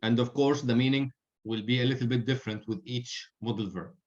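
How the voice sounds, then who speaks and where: A man's voice: mid-range voice, fairly even intonation, a little fast, highs cut off. A man teaching grammar in an online class, patiently explaining and giving spoken examples.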